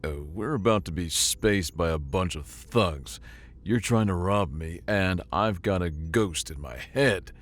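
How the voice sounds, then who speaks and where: A man voicing a nervous male space junker who talks fast and rambles in panic. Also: low voice, sing-song, breathy edge, exaggerated voice. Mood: panicky.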